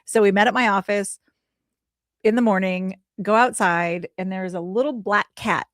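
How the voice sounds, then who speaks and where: A woman in her forties, a podcast guest, telling a heartfelt personal story in an animated way, acting out the voices she quotes. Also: medium pitch, moderate pace, no room sound, clean studio sound. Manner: animated, acts out quoted voices, laughs often.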